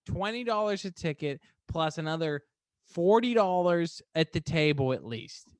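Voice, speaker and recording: A man's voice: a little high, animated, clean tone, dry recording. A man hosting a casual podcast chat, chiming in and agreeing. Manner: agreeable, quick to chime in. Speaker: podcast host.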